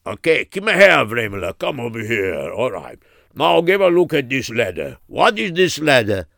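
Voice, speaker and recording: A man's voice: medium pitch, big pitch swings, normal speed, creaky, a bit bright, dry recording, clean studio sound. A man voicing a patient male Hebrew teacher who coaxes and praises a small pupil, explaining step by step. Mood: coaxing.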